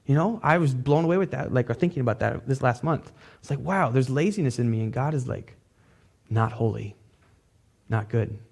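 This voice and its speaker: A man preaching a sermon in a relaxed, conversational way. His voice is dark and gravelly, with a husky edge. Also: mid-range voice, moderate pace. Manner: conversational, loose with "like" fillers. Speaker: pastor.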